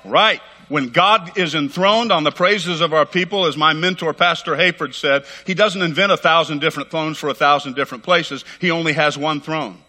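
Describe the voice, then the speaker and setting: A middle-aged man preaching a sermon as pastor, fervent and emphatic, talking rapidly and repeating phrases for weight. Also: on the high side, pushed and bright. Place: church sanctuary. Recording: long hall reverb.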